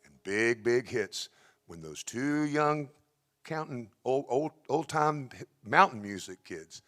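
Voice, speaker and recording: A man's voice: medium pitch, expressive, takes it slowly, a bit bright. A male singer hosting a benefit concert on a theatre stage, chatting folksily about music history between songs. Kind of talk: storytelling patter between songs.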